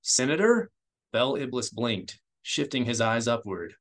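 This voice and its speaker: A man reading an audiobook in steady, measured storytelling narration. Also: fairly low pitch. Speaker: audiobook reader.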